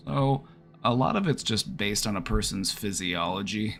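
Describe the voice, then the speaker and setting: A man's voice: lowish voice, expressive, moderate pace, gravelly, a bit bright, soft background music. A man from the Midwest with a Midwestern accent, chatting casually on a live stream as an online therapist, rambling and restarting his sentences. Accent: Midwestern American. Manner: rambling, repeats words and restarts.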